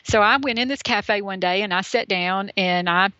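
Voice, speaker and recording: A woman, a guest telling a story in an interview, animated and chatty, full of "you know". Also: mid-range voice, normal speed, no echo. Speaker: podcast guest. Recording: dull lo-fi sound.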